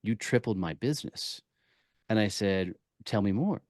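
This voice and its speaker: A man talking as a podcast guest, telling energetic stories with punchy emphasis. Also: lowish voice, normal speed, no room sound, studio quality. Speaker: podcast guest, networking speaker. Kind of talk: casual interview talk.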